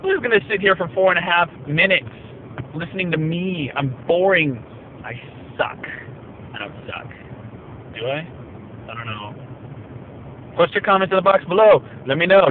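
A man's voice: fairly high pitch, lively intonation, normal speed, long pauses, slight background noise. A man talking casually to his viewers while driving, rambling and joking at his own expense, his voice a little worn. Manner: rambling, self-mocking, jokey asides. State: slightly worn voice. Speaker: vlogger. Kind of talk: casual vlog monologue. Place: inside a car while driving. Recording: tinny phone-like car recording.

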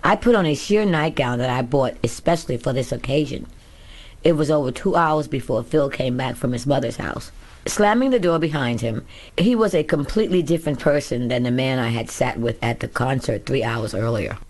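This author narrates the audiobook of her memoir herself, speaking frankly in the first person. Her voice is very deep and a little mellow, and she keeps a normal speed.

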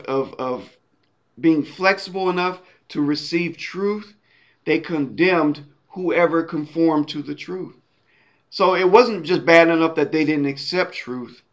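Male preacher, slightly high voice, casual teaching sermon that checks in with listeners, muffled lo-fi church recording. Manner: conversational, tags points with "right?".

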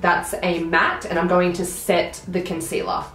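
A woman's voice: fairly low pitch, level tone, unhurried, a bit bright, roomy sound, faint music behind. A young woman with a blocked nose, chatting through a makeup tutorial as she applies each product. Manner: chatty, narrating each step as she works. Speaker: beauty vlogger.

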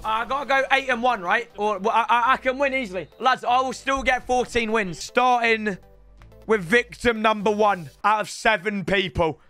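Young guy yelling at his football game, high voice bouncing all over, music underneath. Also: normal speed. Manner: excitable, shouty, sweary banter. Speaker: gaming YouTuber. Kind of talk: live gameplay commentary.

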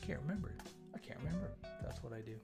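A man's voice: a little high, lively intonation, very fast, vocal fry. A man hosting a casual live coding stream, thinking aloud as he works and chatting with viewers as they arrive. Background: chill lo-fi music.

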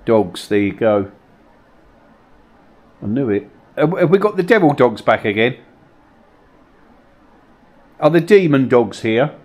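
Lively man calling out to spirits. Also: mid-range voice, slow, long pauses, highs cut off. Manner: questioning, coaxing, uneasy. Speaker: paranormal investigator host. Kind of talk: ghost-hunt vlog, calling out to spirits. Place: old mill cellar rooms, indoors.

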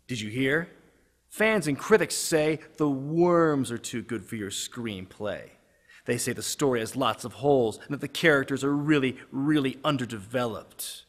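A man's voice: mid-range voice, moderate pace, long reverb tail, pitched below the performer's own voice, lightly acted. A man putting on a sneering, mocking villain voice as a parody. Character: mocking male villain taunting a screenwriter.

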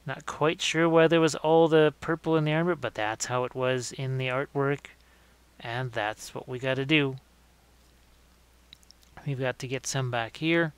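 During a live-streamed miniature painting demo, this man stays relaxed, voicing his thoughts as he paints and frequently fixing his wording partway through sentences. His voice is medium in pitch and clean in tone, and he doesn't rush.

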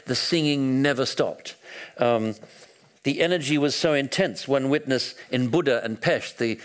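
A man's voice: mid-range voice, a little slow. A man giving a public history lecture, telling stories with frequent restarts and hesitations.

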